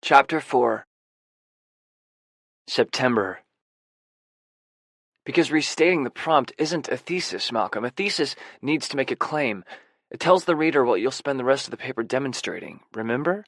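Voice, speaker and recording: A male audiobook narrator reading a first-person romance in a soft, introspective, self-deprecating way. His voice sits at a middle pitch with a gravelly fry. The recording is close and dry, with no room sound. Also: animated, moderate pace, long pauses, no echo.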